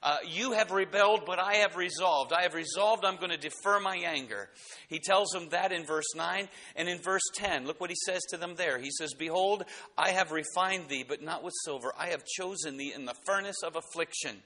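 A man's voice: fairly high pitch, normal speed, sharp tone. A man preaching a sermon, reading scripture aloud and asking rhetorical questions. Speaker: pastor.

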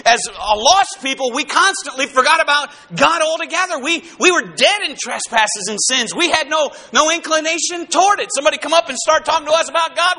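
Impassioned high-voiced male preacher. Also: brisk, hardly any pauses. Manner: impassioned, swings between shouting and dropping low. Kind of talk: sermon.

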